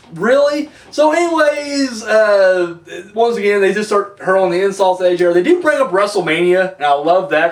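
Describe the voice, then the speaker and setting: Man reviewer, loose and profane, lively high voice, recorded far off in an echoey room. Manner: rambling, profane, lots of fillers. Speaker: wrestling reviewer. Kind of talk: casual rambling review. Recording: echoey room, mic at a distance.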